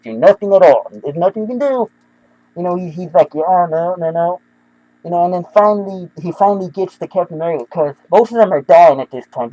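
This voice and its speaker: Brief: young male comic fan, high mellow voice, gushing and rambling. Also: no echo, poor audio. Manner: excitable, rambling, many restarts and fillers. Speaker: comic book reviewer. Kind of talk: casual comic book review.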